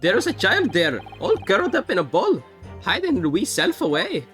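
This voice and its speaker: A woman's voice: mid-range voice, wildly swooping pitch, moderate pace, a bit bright, soft background music. A woman voicing a jovial older Irish man, a witness, in an exaggerated put-on Irish accent with a folksy, theatrical delivery. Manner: folksy brogue, theatrical reading. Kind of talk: game dialogue read aloud.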